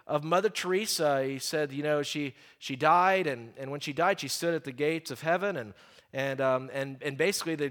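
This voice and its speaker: A middle-aged man preaching a sermon, stressing key phrases slowly and often repeating words as he talks. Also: on the high side, fairly bright tone.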